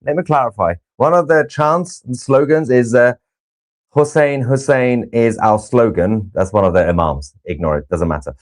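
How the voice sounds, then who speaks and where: A man's voice: medium pitch, moderate pace. A man from Iran co-hosting a live news stream, giving sarcastic, mocking commentary on clips. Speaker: livestream co-host.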